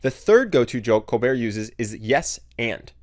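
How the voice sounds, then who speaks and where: A man giving a clear, scripted narration for an explainer video. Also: mid-range voice, big pitch swings, measured pace, a little mellow.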